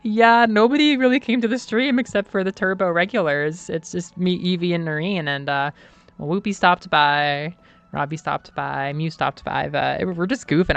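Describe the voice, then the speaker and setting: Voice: mid-range voice, vocal fry, fairly bright tone. A streamer chatting casually with frequent giggles while playing a visual novel.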